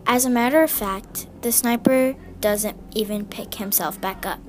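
A woman's voice: fairly high pitch, normal speed. Young woman narrator, story reading with light character shading, music bed underneath. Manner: reads dialogue with small voice changes. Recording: music clearly heard behind.

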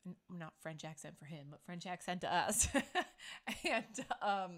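A woman's voice: lowish voice, unhurried, a bit bright. A middle-aged woman hosting a casual chat, talking playfully and acting out quotes as she tells stories. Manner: chatty, playful, acts out quotes. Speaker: podcast host.

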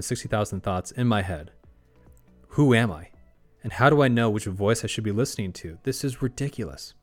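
A man hosting a spiritual podcast, talking in a calm, gently instructive way. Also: lowish voice. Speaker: podcast host.

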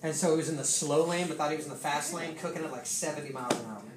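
A pastor telling a sermon story in a lively, laughing way, full of fillers. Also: medium pitch, rapid-fire, crowd noise. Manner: animated, laughing, many fillers. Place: church hall with congregation. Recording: echoey hall, distant, noisy.

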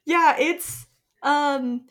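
A woman's voice: sits high, very slow, a bit bright. A woman co-hosting a podcast, chatting casually with lots of "like" fillers and frequent laughter, in a self-deprecating way. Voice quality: self-described introvert, self-deprecating. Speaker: podcast co-host. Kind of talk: casual chat.

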